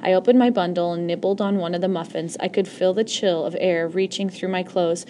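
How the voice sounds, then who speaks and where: A woman's voice: on the low side, steady tone, fairly quick, mellow, slight background noise. A woman reading a first-person novel aloud in an earnest voice, often stumbling and correcting herself. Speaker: audiobook reader.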